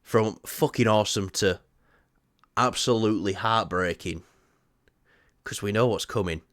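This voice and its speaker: A man co-hosting a movie news podcast in casual chat, excitable, swearing freely and laughing often. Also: lowish voice, a little slow, no echo, clean studio sound.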